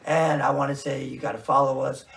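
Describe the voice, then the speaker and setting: Gravelly dude cohosting a podcast, swears a lot, kinda far from the mic. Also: male voice, medium pitch, little pitch movement, brisk, a bit bright. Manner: loose, profane banter. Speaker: podcast co-host. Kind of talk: casual podcast chat.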